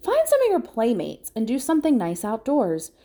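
A woman's voice: fairly high pitch, wildly swooping pitch, moderate pace, dark tone, voice pushed up, full character voice. A woman reading aloud and voicing a stern, practical farm mother who speaks in a firm, scolding way. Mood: coaxing.

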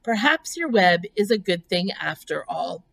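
A woman voicing an innocent, tender-hearted young male pig who pleads slowly and sounds aghast. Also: lowish voice, big pitch swings, gravelly, a bit bright, slight background noise, heavily acted. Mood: earnest.

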